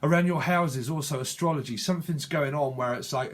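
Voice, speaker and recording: Guy doing a tarot reading, kinda high voice, rambles and repeats himself a lot. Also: a little fast. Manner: rambling, repetitive, self-correcting. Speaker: tarot reader. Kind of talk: channeled tarot reading monologue.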